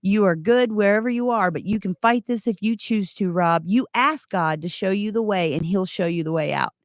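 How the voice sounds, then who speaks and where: Woman in her thirties, earnest testimony, animated storytelling, mid pitch, dry close sound. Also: normal speed, no room sound. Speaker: guest giving testimony. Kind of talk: emotional personal testimony.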